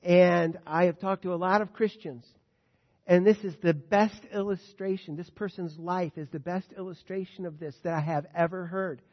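High-voiced preacher in a reverberant hall. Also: male voice, steady tone, moderate pace. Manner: swings between quiet asides and loud emphatic scripture reading. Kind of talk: sermon. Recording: dull sound in a reverberant hall.

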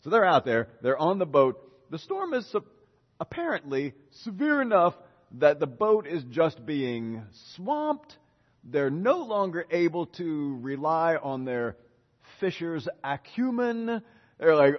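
A man preaching a lively sermon, retelling a Bible story in casual speech and acting out the characters' lines. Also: a little high, slow pace, in a large hall, lo-fi sound. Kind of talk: lively sermon with acted-out dialogue.

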